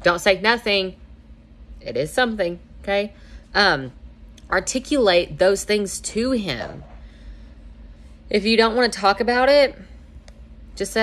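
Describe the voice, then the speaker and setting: A woman's voice: mid-range voice, animated, a little slow, long pauses. A young woman hosting a casual advice talk, chatty and acting out little dialogues in a lighter voice. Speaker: host giving marriage advice.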